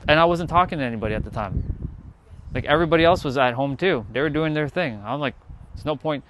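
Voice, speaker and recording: A man's voice: on the high side, fast talker, a bit bright, slight background noise. A man speaking to his live-stream viewers in a casual motivational monologue, earnest and blunt, swearing freely and repeating words for emphasis.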